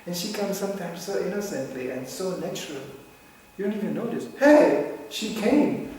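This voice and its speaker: Older male spiritual teacher, slightly high voice, laughs through his talk, heard from afar in a very echoey hall. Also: a little fast, distant mic, a little hiss or hum. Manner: chuckles often, animated storytelling. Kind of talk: devotional lecture.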